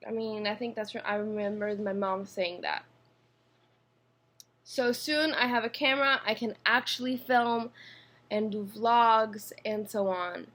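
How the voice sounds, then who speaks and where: A young Swiss woman with a Swiss accent vlogs casually to camera from her apartment, recorded on a built-in computer mic. Her voice is fairly high and fairly bright, and she rambles with fillers and restarts.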